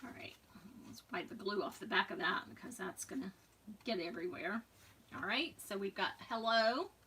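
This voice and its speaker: A woman hosting a live crafting demonstration, chatty and trailing off, with soft muttered asides. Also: medium pitch, normal speed, recorded from a distance, a little hiss or hum. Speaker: crafting demo host.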